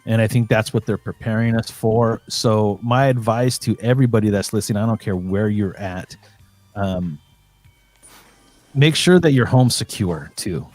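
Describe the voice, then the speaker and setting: A man's voice: on the low side, normal speed, darkish tone, dry recording, faint music behind. A man calling in from home as a guest, talking in a rambling, earnest way with many fillers and restarts. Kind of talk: casual call-in chat.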